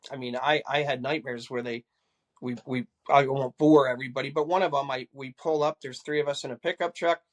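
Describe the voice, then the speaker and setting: Older man guest, retired cop, plain mid-pitched voice, halting storyteller. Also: fairly even intonation. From California. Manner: halting, repeats words, acts out dialogue. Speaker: guest, retired police assistant chief. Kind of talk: casual storytelling interview.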